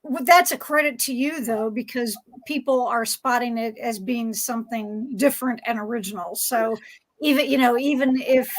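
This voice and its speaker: Woman, convention panel interviewer, slightly high voice, agreeable and hedging. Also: moderate pace, rough recording. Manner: agreeable, hedging, many "you know"s.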